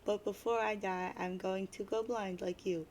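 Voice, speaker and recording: A woman's voice: medium pitch, steady tone, moderate pace, darkish tone, a little hiss or hum, lightly acted. A woman reading the lines of a mopey, sarcastic teenage boy who sees himself as a prophet of doom, in a dramatic webcomic reading. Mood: gloomy. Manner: grumbly, sarcastic, self-pitying.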